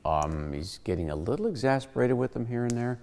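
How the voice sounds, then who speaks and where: With a medium-pitched voice and a fairly quick delivery, this Bible teaching host keeps things casual, joking and acting out quotes in an animated way. The sound has a big-room quality.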